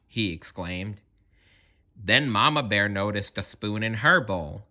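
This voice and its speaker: A man reads a children's story aloud in a slow, unhurried way. His bright voice bounces up and down in pitch, and he playfully talks right to the listener. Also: expressive. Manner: playful, addresses listener directly. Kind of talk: children's read-aloud narration.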